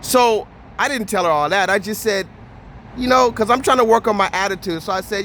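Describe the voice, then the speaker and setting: Male vlogger with a high voice, blunt and profane, ranting with animated storytelling, light background noise. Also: brisk. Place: Houston area.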